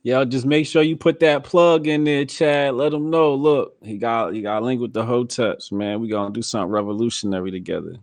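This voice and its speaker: A man's voice: mid-range voice, fairly quick, few pauses, dry recording. Podcast host guy, casual and slangy, talks like he's breaking it down for you, dry mic. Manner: relaxed, explanatory, slangy and emphatic. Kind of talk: casual political podcast chat.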